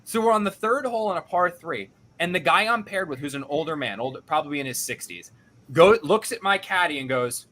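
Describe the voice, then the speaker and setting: A young man hosts a casual podcast, recounting a story with animated, self-deprecating energy. His voice is bright and sharp-edged and sits a bit high. He slips into the voices of the people he quotes. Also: fairly quick. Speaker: podcast host.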